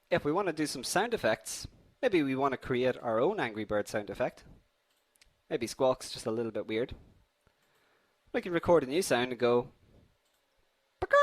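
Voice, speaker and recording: Lively man teaching a live class, slightly congested. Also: mid-range voice, moderate pace. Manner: upbeat and chatty, addresses viewers as guys. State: has a slight cold. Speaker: coding instructor hosting a live class. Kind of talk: live online tutorial with viewer poll and questions.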